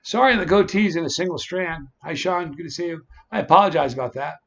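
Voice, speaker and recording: Man, a touch high-voiced, chatty stream host, dull lo-fi audio. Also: fast talker, fairly bright tone. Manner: chatty, greets viewers by name. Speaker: livestream host. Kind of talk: casual livestream chat.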